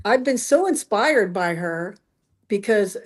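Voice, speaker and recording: A woman singer, a guest on a podcast, talking in a rambling, animated way about her shows. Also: medium pitch, slow pace. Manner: talkative, rambling, animated storyteller. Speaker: musician guest. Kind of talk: casual interview chat.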